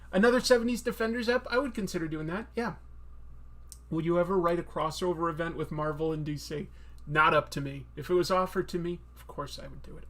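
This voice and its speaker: A man's voice: on the high side, a bit bright. A man hosting a live stream, answering chat questions in a casual, self-deprecating, rambling way. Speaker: comic artist streamer.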